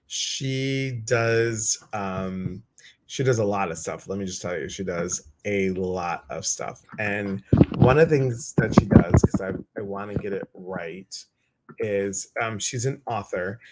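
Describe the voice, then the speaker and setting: A man with a Chicago accent hosting a relaxed, chatty conversation with a guest. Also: fairly low pitch, slow pace, background noise. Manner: relaxed, chatty, reads out viewer comments. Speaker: host. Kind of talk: casual live-stream chat.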